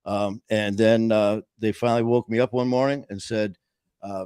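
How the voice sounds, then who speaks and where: Plain-spoken Boston man, low voice. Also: fairly even intonation, moderate pace, darkish tone, clear, resonant tone, dry recording. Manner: emphatic, plain-spoken, restarts often. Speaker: podcast host. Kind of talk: casual storytelling interview.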